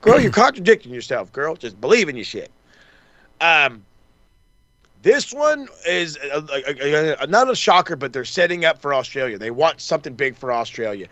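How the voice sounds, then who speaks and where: A man's voice: on the high side, sing-song, normal speed, fairly bright tone, no echo. A man co-hosting a wrestling podcast, rambling through a casual recap, swearing freely and acting out the wrestlers' lines. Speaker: podcast co-host.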